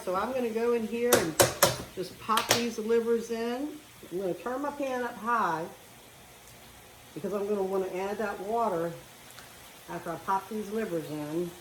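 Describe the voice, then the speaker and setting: A woman's voice: mid-range voice, unhurried, long pauses, background noise. Chatty woman cooking in an echoey kitchen. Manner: chatty, talks while cooking. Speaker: home cook. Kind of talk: casual cooking demonstration. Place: home kitchen. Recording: echoey kitchen with frying sizzle.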